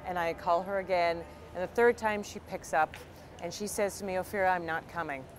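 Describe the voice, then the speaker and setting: A woman from Canada telling a personal story with an animated, self-deprecating comic delivery. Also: on the low side, moderate pace, faint music behind.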